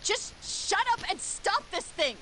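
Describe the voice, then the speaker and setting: A brash, impatient woman in a video game snaps and curses in a very high, bright voice. Her delivery leaps up and down with exasperation. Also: very animated, unhurried, a little hiss or hum, heavily acted. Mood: demanding. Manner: sharp and exasperated, swears freely.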